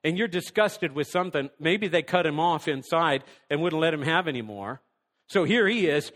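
High-voiced preacher in a reverberant hall. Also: male voice, expressive, moderate pace. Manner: fervent, conversational, swings between loud and hushed. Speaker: pastor. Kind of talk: sermon.

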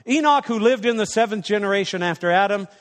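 A man's voice: sits high, fast talker, big-room sound. A man preaching a sermon as a pastor, emphatic and firing rhetorical questions at the congregation.

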